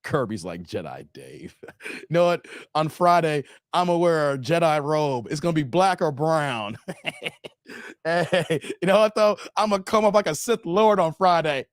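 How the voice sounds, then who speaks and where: A man's voice: a little high, animated, normal speed, no echo, clean studio sound. A man hosting a casual livestream, thanking donors and reading chat, playful and laughing often.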